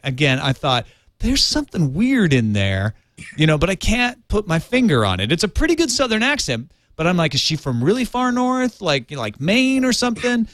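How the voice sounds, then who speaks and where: An American man co-hosts a casual podcast, his voice a bit high and swinging lively up and down. He hesitates often with ums and uhs and slips in jokes. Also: no room sound, studio quality. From United States. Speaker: podcast co-host. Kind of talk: casual chat.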